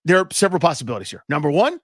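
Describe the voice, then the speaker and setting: A man co-hosting sports talk radio, talking excitedly and making pointed, rhetorical arguments. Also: on the high side, very fast, breathy edge, no echo, clean studio sound.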